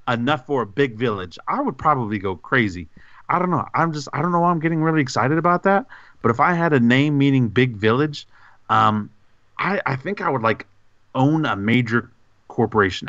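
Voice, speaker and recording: Excitable dude rambling on a gaming podcast, goofy and over the top, dry slightly dull sound. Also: male voice, medium pitch, dry recording. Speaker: podcast co-host. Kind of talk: casual podcast chat.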